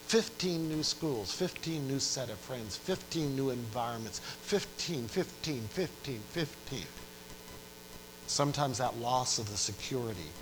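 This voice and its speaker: Older pastor preaching with emphatic repetition. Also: male voice, medium pitch, background noise. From Western New York. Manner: earnest storytelling with emphatic repetition. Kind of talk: sermon.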